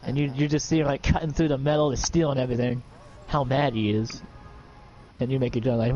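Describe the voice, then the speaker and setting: A man's voice: medium pitch, steady tone, fast, darkish tone, muffled recording, faint music behind. A man narrating an improvised pirate role-play story as game master, in a rambling, casual way. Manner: rambling, casual, laughs often.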